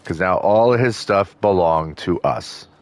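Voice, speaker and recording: Brief: deep-voiced male let's-play host, loose rambling gameplay chatter. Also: measured pace. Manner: rambling, full of fillers and restarts. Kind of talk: casual gameplay commentary.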